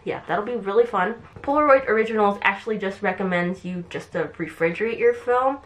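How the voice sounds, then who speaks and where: A woman's voice: mid-range voice, brisk. Chatty young woman with a slight lisp. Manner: chatty, rambling, with fillers and restarts. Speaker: vlogger. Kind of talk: casual vlog chat.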